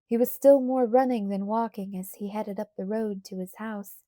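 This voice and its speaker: A woman narrating an audiobook in a calm, measured first-person reading. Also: mid-range voice, no room sound, clean studio sound. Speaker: audiobook reader.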